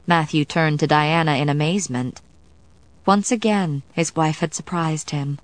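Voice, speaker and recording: A woman reading an audiobook in measured, even, scripted narration. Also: low-pitched, no echo.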